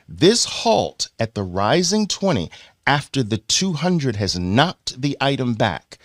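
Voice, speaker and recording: A man with a New York accent teaching a trading chart lesson, playful and animated, acting out lines for the moving averages. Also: medium pitch, no echo, clean studio sound. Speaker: trading educator.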